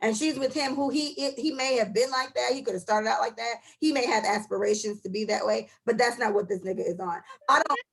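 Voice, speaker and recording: A woman's voice: a little high, brisk, vocal fry, hardly any pauses, slightly rough. A woman co-hosting a podcast, giving blunt, profane opinions in casual chat. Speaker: podcast co-host.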